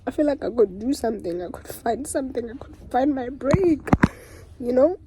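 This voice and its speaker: A woman's voice: sits high, animated, normal speed, mellow, slightly rough, poor audio. A young South African woman vlogging candidly and emotionally, switching languages mid-sentence and repeating herself. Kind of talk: candid confessional vlog.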